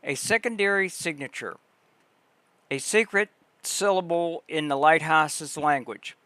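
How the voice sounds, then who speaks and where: A man with a somewhat high voice reads a long passage aloud on his livestream. He goes slowly and deliberately, pausing between phrases. The sound is close and dry. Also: sharp tone, smooth, dry recording. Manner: slow, deliberate reading with pauses and restarts. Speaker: livestream host. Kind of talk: reading text aloud on a livestream.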